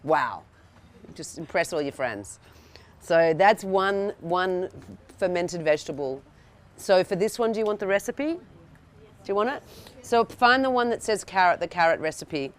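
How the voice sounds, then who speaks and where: Brief: woman instructor, slightly low voice, chatty live teaching, keeps asking "yeah?". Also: lively intonation, measured pace. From Australia. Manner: chatty, checks in with "yeah?", frequent restarts. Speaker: cooking workshop instructor. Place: indoor workshop room with an audience.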